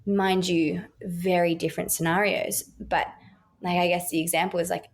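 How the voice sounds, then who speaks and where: A woman's voice: fairly low pitch, little pitch movement, moderate pace. An Australian woman talking earnestly as a guest midwife in a podcast interview, acting out quoted voices as she tells stories.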